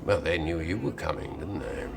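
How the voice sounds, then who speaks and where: A genteel, posh old lord. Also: male voice, low-pitched, normal speed, vocal fry, loud music behind the voice. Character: older genteel upper-class male lord. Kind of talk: film acting.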